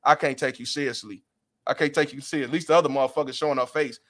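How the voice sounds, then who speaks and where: A man's voice: medium pitch, steady tone, racing, a bit bright. A man hosting a livestream, ranting bluntly and profanely in heated commentary. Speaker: livestream host.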